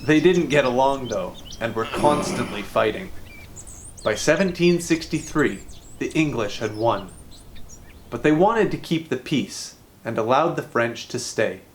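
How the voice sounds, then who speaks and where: A man teaching English to learners in a scripted lesson, explaining grammar clearly and deliberately. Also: medium pitch, expressive, slight background noise.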